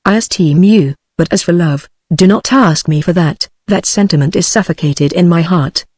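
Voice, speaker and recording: A woman's voice: fairly low pitch, normal speed, husky, no room sound, studio quality. A text-to-speech woman's voice with a British accent voicing a sad, fragile young female singer in a storybook reading. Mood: sorrowful. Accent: British English. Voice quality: even synthetic reading voice.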